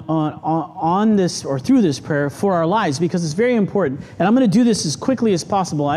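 Man, pastor, storytelling sermon, fairly high voice, faint ambience behind. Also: slight background noise. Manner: storytelling, animated with sudden outbursts. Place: church sanctuary.

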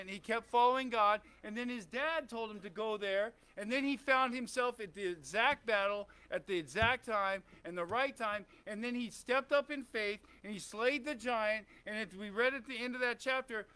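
A man's voice: sits high, normal speed, hardly any pauses, bright, forceful tone, clear, resonant tone. A man preaching a conversational sermon in a church, often asking the congregation questions and saying "amen.". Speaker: pastor.

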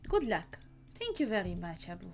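A woman's voice: medium pitch, big pitch swings, normal speed. A woman streaming a game live, chatting casually and teasing her teammates with lots of laughter. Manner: playful, teasing, laughs often. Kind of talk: casual live gaming chat.

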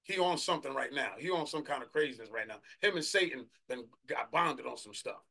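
Fervent preacher with a bright, tense voice. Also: male voice, medium pitch, expressive, creaky. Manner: fervent, shouting bursts, drawn-out scripture reading. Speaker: apostle preaching. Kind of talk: sermon.

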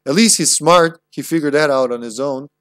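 A man's voice: fairly high pitch, moderate pace, fairly bright tone, no room sound, studio quality. A young man streaming himself playing a video game, chatting casually, swearing freely and laughing often. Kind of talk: casual live-stream gameplay commentary.

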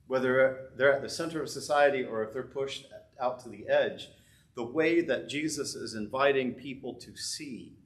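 A pastor talking through a sermon casually. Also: male voice, medium pitch, fairly bright tone, a little hiss or hum. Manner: conversational, thinking aloud with frequent restarts.

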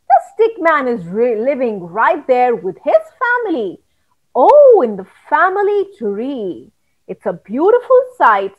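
A woman storyteller reads to young children in an animated, singsong way and talks straight to them. Her voice is very high, and she paces it slowly and gently. The recording is dull and lo-fi. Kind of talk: storytelling for kids.

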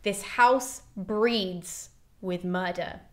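A woman voicing a doomed prophetess, speaking low, slow and solemn. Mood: grim. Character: doomed prophetess, grim and foreboding.

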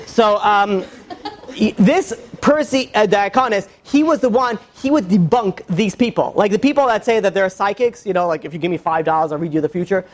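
In an informal lecture, this man teaches as a rabbi with a high voice. His delivery is halting, packed with "you know" fillers and restarts, and sprinkled with jokes on the side.

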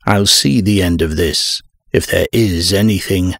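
Calm, precise skeptic in a horror audiobook, deep and slow, voiced by a male narrator. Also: gravelly, no room sound, clean studio sound, exaggerated voice. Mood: clipped.

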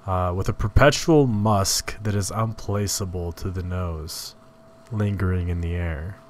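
A man describing scenes in a tabletop role-playing game in a measured way. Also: lowish voice, a little hiss or hum. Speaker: player. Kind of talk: tabletop role-play narration.

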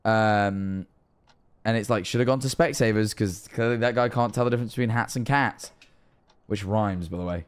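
A man's voice: lowish voice, normal speed, clear, resonant tone. A man streaming a game, chatting casually with friends and teasing them. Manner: playful, teasing banter. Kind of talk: casual gaming chat.

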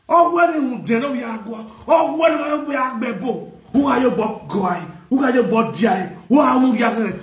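Loud high-voiced Nigerian man ranting. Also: roomy sound. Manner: loud, mocking, bursts into shouts and laughter. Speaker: gossip vlogger. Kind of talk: ranting gossip commentary.

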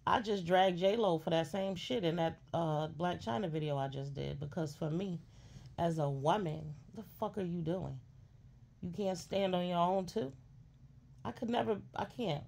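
Sassy woman ranting, gravelly. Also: fairly low pitch, measured pace, a little mellow. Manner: blunt, scolding, sassy, heavy cursing. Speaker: commentary streamer. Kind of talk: profane ranting commentary.

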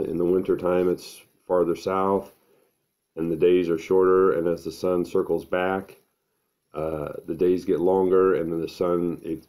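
A middle-aged man, talking to camera at home in an unhurried, earnest, thinking-aloud way. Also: sits low, dark tone. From American Midwest. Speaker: vlogger. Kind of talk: casual to-camera monologue.

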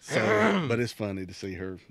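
A man's voice: fairly low pitch, very animated, moderate pace, vocal fry, fairly bright tone, no echo. A middle-aged man co-hosting a podcast, telling a rambling, crude workplace story in casual chat and laughing often. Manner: crude, joking. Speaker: podcast co-host.

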